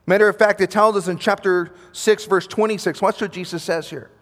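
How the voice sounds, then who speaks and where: A high-pitched male preacher gives a sermon to a conference crowd, his voice echoing through a large hall with a long reverb. He mixes scripture reading with loose, conversational talk, often repeating words and starting his sentences over. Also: fairly even intonation, fairly quick, a bit bright.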